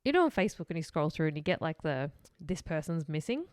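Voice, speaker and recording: A woman's voice: deep voice, very animated, quick pace, clear, resonant tone, dry recording, clean studio sound. A young woman co-hosting a true-crime podcast, chatty, laughing often and swearing casually. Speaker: podcast co-host.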